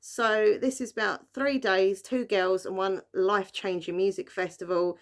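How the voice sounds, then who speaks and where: A woman's voice: medium pitch, steady tone, unhurried. Young woman, casual vlog chatter, loose and rambling, everyday mid-range voice. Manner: chatty, rambling, lots of fillers and likes. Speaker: book vlogger. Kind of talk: casual book haul chat.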